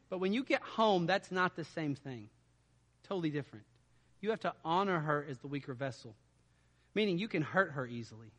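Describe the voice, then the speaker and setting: A man preaching a sermon in a conversational way, dropping to quiet asides and rising to loud emphatic stretches. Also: high-pitched, in a large hall. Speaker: pastor.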